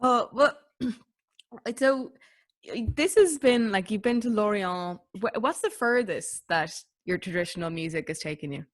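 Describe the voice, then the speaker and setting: A woman with an Irish accent hosting a podcast, chatty and quick to react to her guest. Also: medium pitch. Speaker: podcast host. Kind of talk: casual podcast chat.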